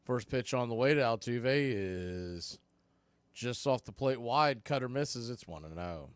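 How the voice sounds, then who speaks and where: A man calling live baseball play-by-play on a studio mic, with excitable calls and chatty asides. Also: mid-range voice, measured pace, clear, resonant tone, no echo. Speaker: play-by-play announcer.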